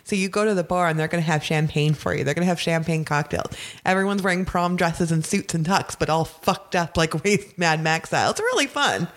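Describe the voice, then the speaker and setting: A woman's voice: lowish voice, expressive, fairly quick. A woman talking as a podcast guest in casual chat, blunt and profane, laughing often as she explains. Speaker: guest, festival veteran.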